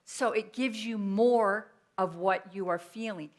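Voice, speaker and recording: A woman's voice: medium pitch, slow. A woman minister giving an earnest, personal sermon in a conversational teaching style with everyday examples.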